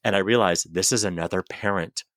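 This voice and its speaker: A man in his thirties co-hosting a podcast, telling a story in casual chat with an animated, profane, self-mocking manner. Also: deep voice, a little fast, no room sound, clean studio sound. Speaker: podcast co-host.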